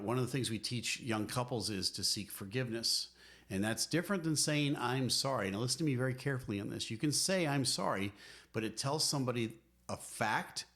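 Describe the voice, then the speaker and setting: A man's voice: medium pitch, a bit bright. A middle-aged man co-hosting a podcast, giving earnest, emphatic, preacherly advice as a marriage counselor. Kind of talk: conversational podcast teaching.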